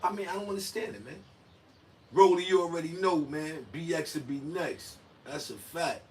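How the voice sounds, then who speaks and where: A man's voice: fairly high pitch, normal speed, a little mellow. A man hosting a casual livestream, rambling in loose slang and acting out quoted asides. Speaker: livestream host. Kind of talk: casual stream commentary. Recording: distant mic with faint room noise.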